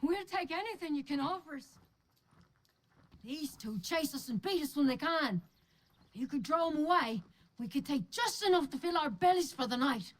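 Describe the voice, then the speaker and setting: A desperate, starving beggar in a video game pleads for help. Her voice sits high and thin as she begs. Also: animated, moderate pace. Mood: pleading. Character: hungry, pleading poor woman begging.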